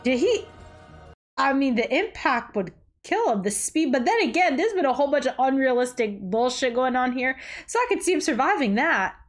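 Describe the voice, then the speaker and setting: A woman reacting to a movie as the host, loudly cheering, cursing and laughing at the screen, with the film soundtrack playing underneath. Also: sits high, sing-song, moderate pace. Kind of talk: casual movie reaction commentary. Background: movie audio and music.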